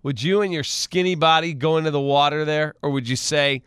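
A man's voice: a little high, a little fast, fairly bright tone, clean tone, no echo, studio quality. A man hosting a radio talk show, telling news stories in a wisecracking, casual way and laughing easily. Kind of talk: casual morning radio banter.

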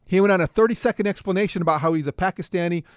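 Man, middle-aged, lively storyteller, slightly high voice, dry close sound. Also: very fast, clear, resonant tone, dry recording. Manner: animated storyteller, acts out phone calls. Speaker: co-host. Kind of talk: casual chat, storytelling.

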